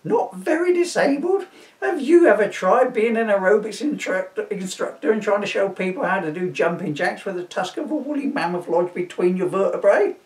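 Exasperated posh husband, man doing a voice, higher register. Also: lively intonation, normal speed. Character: put-upon husband with a posh voice. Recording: roomy, from a distance.

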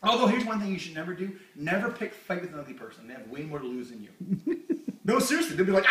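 A man hosts his own amateur stand-up show at home, rambling and crude with lots of fillers. His voice is high and bright. It is recorded from across an echoey room. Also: sing-song, quick pace, distant mic. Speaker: host.

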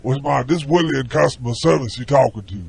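A man's voice: medium pitch, brisk, a little mellow, no room sound. A prank caller playing a brash, rude male customer service rep who stammers, argues and talks in ungrammatical street slang. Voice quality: very gravelly, husky. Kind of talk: prank call.

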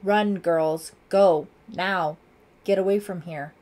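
A woman reading an audiobook, voicing a stern middle-aged police lieutenant who shouts orders. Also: high voice, level tone, normal speed, close to an everyday voice. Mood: shouting orders. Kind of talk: audiobook character voice.

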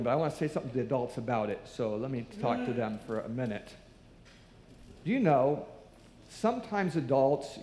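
This preacher has a medium-pitched, darkish voice, and a slight hiss or hum runs under the recording. Speaking in a church with echoey hall acoustics, he narrates a story in his sermon and performs each character's voice.

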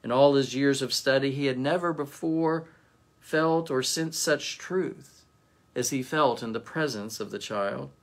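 A male pastor reading a story aloud as a devotion, in a gentle storytelling manner. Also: mid-range voice, a little slow.

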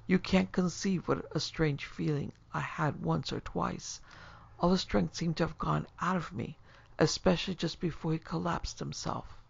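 A hearty, self-assured young gentleman, read by a woman. His voice has a gravelly grain. The recording is dull and lo-fi. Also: deep voice, fairly even intonation, normal speed, heavily acted. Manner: hearty and triumphant. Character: cheerful, confident young man.

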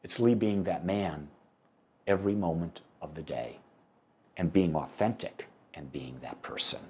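A middle-aged American minister preaching a sermon, telling a story with animated delivery and acting out the dialogue. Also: male voice, low-pitched, measured pace. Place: church sanctuary.

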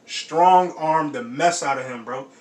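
A high-voiced man hosts a sports reaction video, chatting in loose slang and bursting into shouts and laughter. He sits some distance from the mic in a roomy, echoing space. A faint hiss runs underneath. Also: unhurried. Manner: animated, laughing often, slangy exclamations. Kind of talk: casual reaction commentary.

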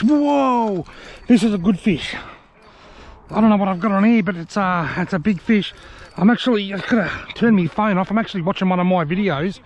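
An Australian man with a high voice, chatting enthusiastically to viewers on a riverbank as he narrates a fishing vlog. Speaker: fishing vlogger. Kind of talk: casual outdoor vlog narration. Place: outdoors on a riverbank.

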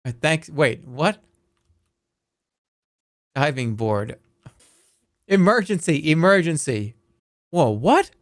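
A man's voice: mid-range voice, sing-song, no echo, clean studio sound. A man in his thirties, a streamer chatting casually and joking while playing a game, reading messages aloud as he goes. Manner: joking, reacting fast, reading chat aloud.

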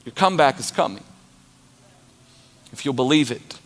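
A man's voice: mid-range voice, expressive, moderate pace, fairly bright tone. A man preaching an emphatic, passionate sermon as pastor of his church. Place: church auditorium. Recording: long church reverb with music.

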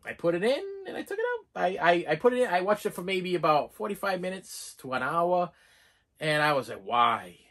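A man giving casual movie reviews in an excitable, rambling way, full of restarts and fillers. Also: high-pitched, a little fast.

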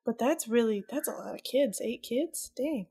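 A woman co-hosting a casual podcast, chatty and quick to joke. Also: a little high, animated, mellow, husky. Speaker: podcast co-host.

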